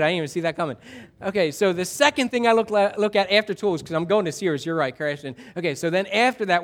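A middle-aged pastor with a high, somewhat bright voice preaches conversationally, putting questions to the congregation and often repeating himself.

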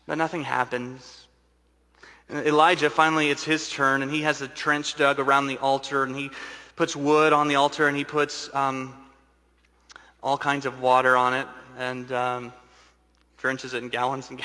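A man preaching a sermon as pastor, swinging between booming emphasis and hushed, intimate asides. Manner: dynamic preaching, shifting from loud to hushed. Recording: large hall with long reverb.

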